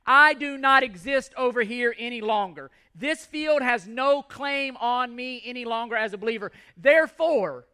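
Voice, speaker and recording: Male pastor delivering an emphatic sermon; bright, forceful tone. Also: extremely high pitch, moderate pace, few pauses, smooth. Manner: emphatic preaching with repeated phrases and scripture readings.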